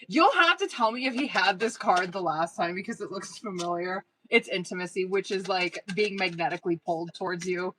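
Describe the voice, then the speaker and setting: A woman's voice: lowish voice, brisk, few pauses, sharp tone, slight background noise, low-quality recording. A woman giving tarot readings on a casual live stream, slangy and profane, laughing often and calling viewers girl and boo. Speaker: tarot reader.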